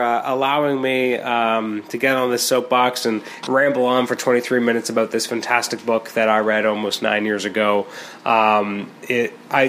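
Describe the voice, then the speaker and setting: A man with a mid-pitched voice reviews a comic book in a loose, rambling monologue. He talks casually, restarting sentences and filling gaps with fillers as he goes. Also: a bit bright, slight background noise. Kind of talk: casual solo commentary.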